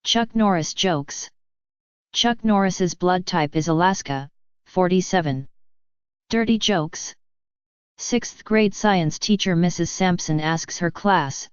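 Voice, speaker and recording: Slow, deadpan woman reading jokes. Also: fairly low pitch, smooth, dry recording, dull audio. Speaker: joke reader. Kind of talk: scripted joke narration.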